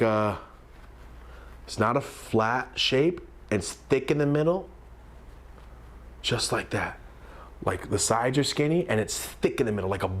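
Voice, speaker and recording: A young man in his twenties, a comedian, telling a story with lots of energy, sometimes shouting out lines. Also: mid-range voice. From California. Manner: animated, screams and shouts quoted lines.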